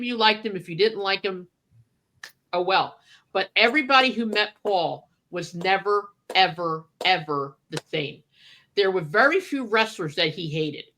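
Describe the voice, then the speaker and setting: Bright-voiced woman telling stories. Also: medium pitch. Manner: animated storyteller, acts out quotes. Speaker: radio co-host. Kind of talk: casual reminiscing chat.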